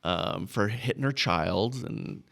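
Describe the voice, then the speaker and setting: A man's voice: fairly low pitch, slow pace, gravelly, fairly bright tone. A man from Texas casually telling a story as a podcast guest. He chuckles through his anecdotes and keeps checking in with "right?". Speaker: podcast guest, business owner.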